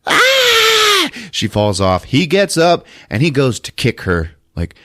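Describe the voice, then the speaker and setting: Man, podcast host, casual movie recap, laughs a lot, acts out lines, animated, dry sound. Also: fairly low pitch, measured pace, dry recording. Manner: laughs through retelling, acts out characters' lines.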